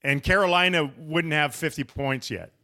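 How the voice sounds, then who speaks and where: A man's voice: a little high, normal speed, pushed and bright. A man hosting a casual sports podcast, talking in a wry, teasing, rambling way. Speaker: podcast host.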